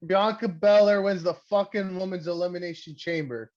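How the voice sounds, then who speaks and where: A man's voice: sits high, normal speed, lo-fi sound. A young man from Canada hosting a wrestling podcast, rambling and swearing in casual chat. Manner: rambling, crude, excitable. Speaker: podcast host.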